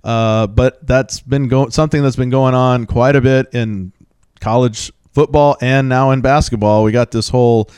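Casting note: male radio host, relaxed, chatty, smooth clean tone, close dry studio mic. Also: medium pitch, normal speed, no echo. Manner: easygoing, chatty, trails into asides. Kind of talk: casual radio chat.

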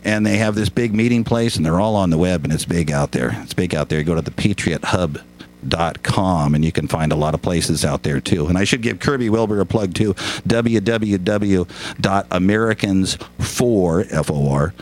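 Folksy, joking low-voiced man. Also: normal speed, darkish tone. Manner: folksy, joking, rambling with laughs. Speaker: guest musician. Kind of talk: casual radio chat.

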